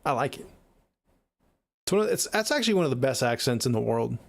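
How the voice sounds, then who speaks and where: A man's voice: mid-range voice, big pitch swings, fast, vocal fry. A young man with a Seattle accent chatting casually on a livestream, reading viewer comments in a laid-back, joking, profane way. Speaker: livestreaming music producer.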